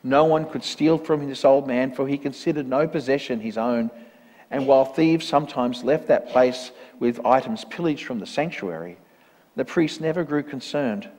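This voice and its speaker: A man's voice: mid-range voice, a little mellow. Man reading a parable. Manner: measured, earnest storytelling. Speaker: reader in a church service. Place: church. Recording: long church reverb.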